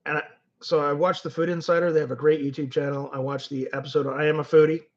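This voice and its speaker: Reading viewer comments on a casual stream, this Canadian host talks fast in a slightly high voice with a flat delivery. He rambles through stories and restarts often, all captured in dull, lo-fi stream audio.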